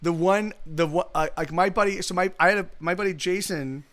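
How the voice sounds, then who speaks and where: A man's voice: high-pitched, brisk, fairly bright tone. A man hosting a live music stream, chatting casually and rambling with many restarts and laughs. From Southern California. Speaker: streamer host.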